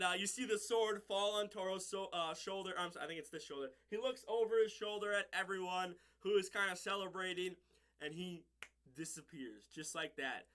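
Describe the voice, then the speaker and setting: Bright-voiced man rambling through a recap. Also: sits high. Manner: rambling, many fillers and restarts, laughs at own slips. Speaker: episode reviewer. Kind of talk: casual recap and review.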